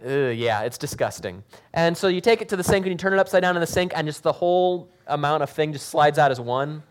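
A pastor giving a sermon, reading scripture dramatically and then explaining it in a casual, joking way. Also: male voice, fairly high pitch, expressive, brisk.

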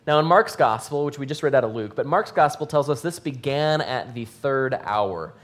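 A man's voice: mid-range voice, lively intonation, moderate pace. Man teaching scripture conversationally. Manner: asks listeners questions, thinks aloud with fillers. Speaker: Bible teacher.

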